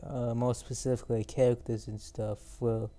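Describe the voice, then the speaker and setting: A man's voice: mid-range voice, little pitch movement, moderate pace, dark tone. A teenage male podcast host in casual chat, rambling and teasing, often losing his thread mid-sentence.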